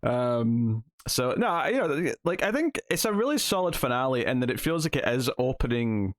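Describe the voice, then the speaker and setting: A man's voice: mid-range voice, very animated, normal speed, no room sound, studio quality. A man co-hosting a podcast, reviewing a TV episode in a casual, chatty way, retelling scenes as he goes. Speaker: podcast co-host.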